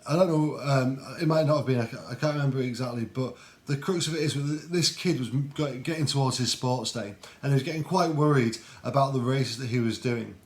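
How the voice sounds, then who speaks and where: A man with a mid-range voice talks earnestly in a casual devotional style. He speaks in a reflective, personal way, often pausing with ums and restarting his sentences. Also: mid-range voice. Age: adult. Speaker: Christian video host.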